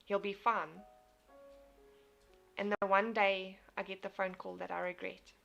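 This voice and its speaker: A woman's voice: medium pitch, level tone, moderate pace, vocal fry, fairly bright tone, dull audio, soft background music. A young woman, hosting a casual motivational live stream, talking earnestly and reading out viewer comments. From South Africa. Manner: earnest, repeats and restarts phrases.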